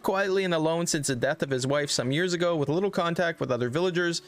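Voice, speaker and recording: A male game streamer reads the on-screen text aloud and tosses in casual, joking asides. His voice sits a little higher than most men's. Soft game music plays behind him. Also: fast talker. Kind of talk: casual let's-play commentary.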